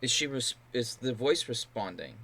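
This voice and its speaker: A man playing a tabletop roleplaying game, halting and weary in character. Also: medium pitch, animated, gravelly, sharp tone, no room sound. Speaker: player.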